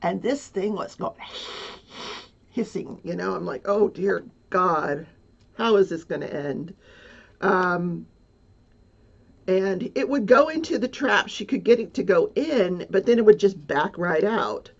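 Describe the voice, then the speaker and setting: A woman's voice: mid-range voice, lively intonation, unhurried, creaky. A woman telling a personal story in a casual, rambling way, flustered, with many fillers and nervous laughs. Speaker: livestreamer. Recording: dull lo-fi sound.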